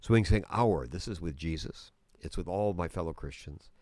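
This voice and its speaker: A man with a very deep voice explains things at length, earnest and conversational. He often restarts his sentences while he thinks aloud. The sound is dry and close to the mic. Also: brisk, mellow, no room sound. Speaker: guest teacher on prayer. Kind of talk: conversational religious teaching.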